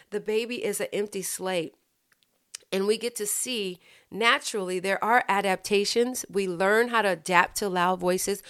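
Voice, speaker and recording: A woman's voice: mid-range voice, fairly bright tone, smooth. A woman giving a lesson on communication and tone, explaining carefully and repeating phrases to make her point. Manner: explanatory, repeats phrases, demonstrates emphasis by example. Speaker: communication teacher. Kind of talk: lecture-style teaching.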